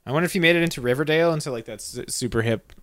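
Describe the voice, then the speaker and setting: Jokey guy running a trivia game, kinda high voice, dead dry mic. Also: a bit bright, no room sound. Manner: playful, jokey, quick to laugh. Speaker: quiz game host. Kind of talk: casual podcast chat.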